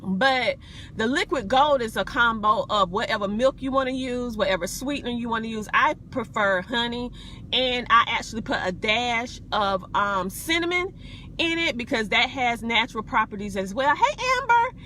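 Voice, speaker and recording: A woman's voice: fairly high pitch, lively intonation, moderate pace, pushed and bright, slight background noise. A woman from South Carolina with a Southern accent, chatting casually on a live video from inside her car, folksy and full of ums. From South Carolina, USA. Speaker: wellness vlogger.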